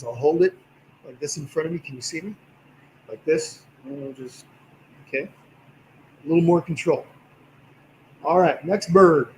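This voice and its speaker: A man with a slightly tired voice, teaching a livestream painting class in a relaxed, encouraging way while he works. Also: a little high, echoey room, slight background noise, poor audio. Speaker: painting instructor.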